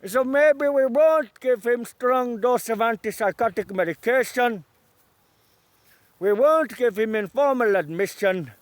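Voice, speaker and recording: A man doing a stilted doctor who lays out his verdict in broken, overly formal phrases. The voice sits high and moves with a measured, pompous rhythm. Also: no echo. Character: mock male doctor, clinical and pompous.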